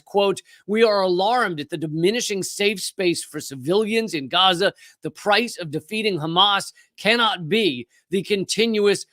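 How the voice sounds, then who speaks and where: A man hosting a live political commentary stream, talking fast and heatedly with frequent restarts. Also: a little high, sharp tone, dry recording. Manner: impassioned, fast, with restarts and profanity.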